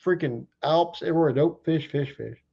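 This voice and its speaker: Man, livestream guest, higher-pitched voice, folksy, joking, muffled lo-fi audio. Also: normal speed, vocal fry, dark tone, slightly rough. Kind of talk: casual chat on a livestream.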